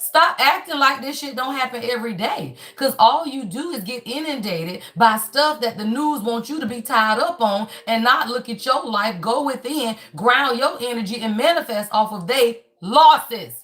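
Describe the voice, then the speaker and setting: A woman with a highish voice hosts a spiritual reading livestream, talking at normal speed with hardly any pauses. Her casual chat is lively, preachy and emphatic, bluntly delivered with lots of cussing. She calls her viewers "y'all" constantly.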